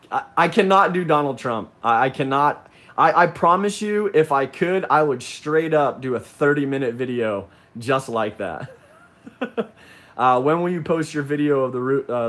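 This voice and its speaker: A man's voice: mid-range voice, a bit bright. A man hosting a casual livestream, reading viewer comments and rambling with frequent ums and restarts. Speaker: livestream host.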